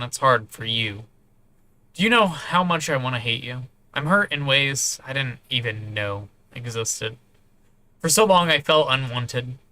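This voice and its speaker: A man's voice: medium pitch, sharp tone, full character voice. A man voicing a hurt young woman who is crying, stammering and lashing out. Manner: trembling, stammering, then lashing out.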